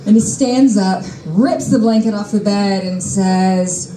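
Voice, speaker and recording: A woman's voice: mid-range voice, measured pace, warm tone, roomy sound, a little hiss or hum, low-quality recording. A young adult woman telling a personal story on stage, wry, exasperated and freely profane. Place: stage at a live storytelling show.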